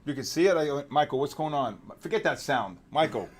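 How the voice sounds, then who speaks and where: A man runs a live trading stream, reacting loudly and excitedly to market moves. He bickers in exasperation with his crew between calls, in a voice pitched a little high. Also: fairly quick. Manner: excitable, loud outbursts, exasperated banter. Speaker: trading show host.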